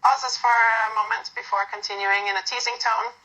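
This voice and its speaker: A woman narrating a second-person romantic story in a soft, unhurried reading with small slips. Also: on the high side, steady tone, dull audio.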